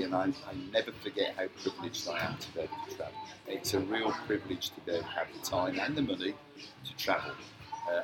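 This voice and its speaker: A man's voice: low-pitched, low-quality recording. A man from Scotland, a podcast guest talking casually and earnestly in a cafe, with many hesitant fillers. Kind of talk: casual interview.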